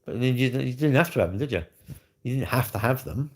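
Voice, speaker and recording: This man hosts a casual livestream and keeps up a loose, joking banter with his viewers. His voice has a gravelly texture, and his pitch swings up and down a lot as he rambles from one thought to the next. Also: lively intonation, a little fast. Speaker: livestream host.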